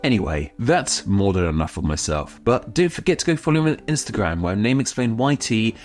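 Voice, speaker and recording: A man's voice: on the low side, big pitch swings, fairly quick. A British man from the United Kingdom giving a scripted explainer, chatty with self-mocking asides. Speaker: YouTuber explaining idioms.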